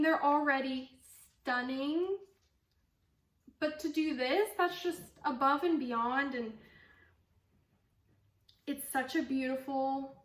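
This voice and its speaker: A young woman hosts a knitting podcast at home with her dog, chatting casually to camera and gushing with lots of fillers. Her voice is high, but she's off-mic on a distant microphone in an echoey room.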